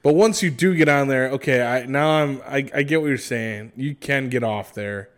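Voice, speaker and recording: A man's voice: mid-range voice, normal speed. Man, podcast co-host, casual chat, jokey, profane. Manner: reactive, joking, swears freely.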